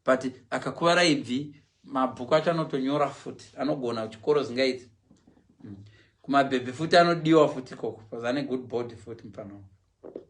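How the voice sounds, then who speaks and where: A man's voice: medium pitch, quick pace. A middle-aged man chatting casually on a live stream, mixing English and Shona and acting out voices. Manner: animated, switches often between English and Shona; acts out quoted voices and animal sounds.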